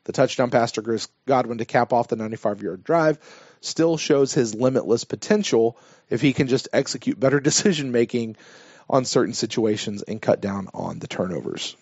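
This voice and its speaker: A man co-hosting a sports podcast, reading listener emails aloud and giving his take in a measured, self-deprecating way. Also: mid-range voice, darkish tone, breathy edge, dry recording. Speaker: podcast co-host. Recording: dull, dry lo-fi podcast audio.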